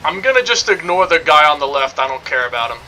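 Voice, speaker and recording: A man's voice: on the high side, very animated, fast talker, bright, forceful tone, soft background music, low-quality recording. A young man streaming a game, rambling and joking in casual commentary, swearing now and then.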